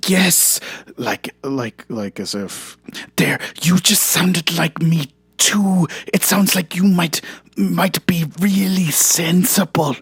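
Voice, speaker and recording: A performer doing an impression of a solemn male film director with heavy vocal fry, speaking slowly and deadpan in improvised comedy banter. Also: mid-range voice, no room sound, exaggerated voice. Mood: dry.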